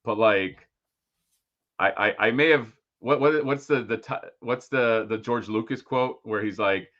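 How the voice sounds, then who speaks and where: A man in casual podcast chat, animated and laughing, often acting out other people's voices. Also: medium pitch, unhurried, highs cut off. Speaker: co-host.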